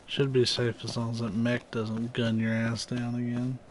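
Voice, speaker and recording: A man's voice: mid-range voice, monotone, normal speed, a little hiss or hum. A man with a nasal voice, casually talking through a game he is streaming live, loose and profane. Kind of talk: live gameplay commentary.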